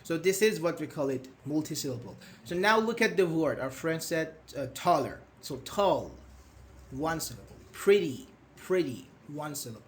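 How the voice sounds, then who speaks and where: A young man teaching English grammar in a live online class, patient and questioning, repeating words slowly. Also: fairly high pitch, animated, a little hiss or hum.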